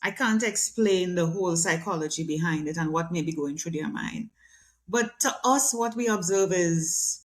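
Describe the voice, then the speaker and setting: A middle-aged woman speaking as a guest communication specialist in a conversational interview, animated and acting out quoted voices. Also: fairly low pitch, normal speed.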